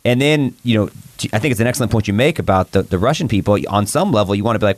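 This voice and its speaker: A man's voice: medium pitch, lively intonation, racing, few pauses, dry recording. A man giving commentary on a political talk show, rambling and correcting himself with a laugh. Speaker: guest commentator.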